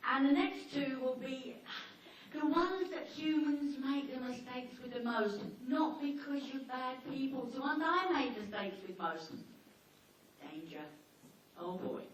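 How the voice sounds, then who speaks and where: A high-voiced woman dog trainer gives a lively seminar talk, acting out little scenes as she teaches. She sounds far from the microphone, in a hall with heavy reverb and faint background hiss. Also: a little slow. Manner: lively, animated storytelling.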